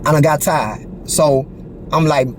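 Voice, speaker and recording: At a measured pace, a man with a slightly high voice shares a personal story straight to the camera as a casual monologue. He's animated, swears a lot in street slang, and constantly checks in with "you feel me." Slight background noise can be heard.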